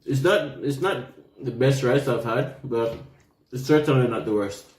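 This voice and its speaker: A man's voice: medium pitch, a little slow, darkish tone, echoey room. A young man with a Jamaican accent, chatting casually and laughing while he tastes food on camera. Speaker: vlogger. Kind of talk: casual food-tasting chat.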